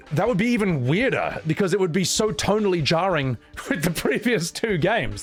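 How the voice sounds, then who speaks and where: A man hosting a casual, rambling game reaction video, offering opinions with wry humor. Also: mid-range voice.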